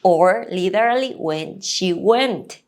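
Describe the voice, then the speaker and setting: A woman whose first language is Spanish teaches an online language lesson, repeating each example slowly and deliberately. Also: mid-range voice, animated, darkish tone.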